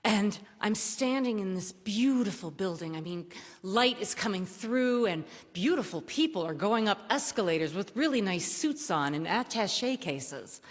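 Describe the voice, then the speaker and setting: A woman around sixty from Michigan telling a true story on a theater stage, lively and animated, acting out the dialogue. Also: medium pitch, moderate pace. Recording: reverberant theater hall.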